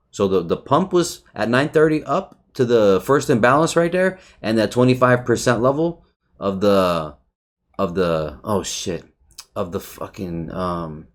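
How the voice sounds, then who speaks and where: A man casually reviewing a trading chart, talking loosely, swearing often, restarting phrases and checking in with "right?". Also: on the low side. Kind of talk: casual market recap over a chart.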